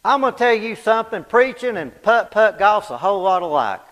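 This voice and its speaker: High-voiced, fervent preacher in an echoing church hall. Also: male voice, very animated, brisk, slight background noise. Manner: emphatic and repetitive, swinging from loud declarations to low, quiet asides; folksy, plain-spoken. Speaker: Bible study preacher. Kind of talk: fervent Bible study sermon.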